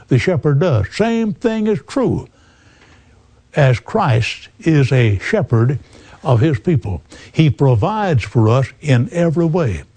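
A man in his eighties preaching a sermon, slow and earnest, often calling the listener "friend". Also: mid-range voice, mellow, dry recording. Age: 80s.

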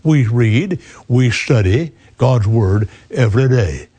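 Older guy preaching, says friend a lot, quotes old bible verses, mellow voice. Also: medium pitch, animated, takes it slowly, husky. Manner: earnest, quotes scripture in King James wording; folksy, addresses listener as friend. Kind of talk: radio sermon.

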